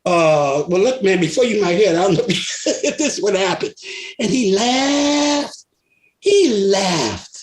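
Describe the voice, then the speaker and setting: Older man, veteran singer, animated storyteller, laughs a lot, echoey room. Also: high voice, slow pace. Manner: animated storyteller, laughs often, acts out voices. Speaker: guest singer. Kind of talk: storytelling interview. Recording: roomy echo.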